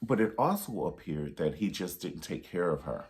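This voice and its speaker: A man's voice: deep voice, big pitch swings, moderate pace, darkish tone. A man giving a casual movie review monologue, sassy and emphatic, repeating himself for emphasis and dropping pet names.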